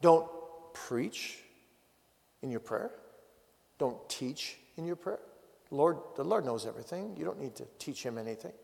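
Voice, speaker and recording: A man's voice: mid-range voice, expressive, unhurried, creaky, pauses often, a little mellow. A man, a pastor, giving a teaching talk on family prayer with direct, practical exhortations. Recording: long hall reverb.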